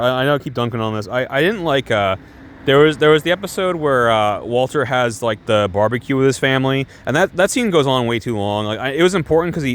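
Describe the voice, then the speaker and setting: A man's voice: medium pitch, clear, resonant tone. A young man casually reviewing TV shows, chatty and rambling with many restarts. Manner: chatty, heavy use of "like" and restarts, laughing asides.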